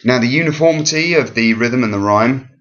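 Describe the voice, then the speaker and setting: A man's voice: medium pitch, a little fast, fairly bright tone. A man giving a recorded revision lesson over slides, explaining step by step with frequent ums and self-corrections. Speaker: teacher. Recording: dull lo-fi recording.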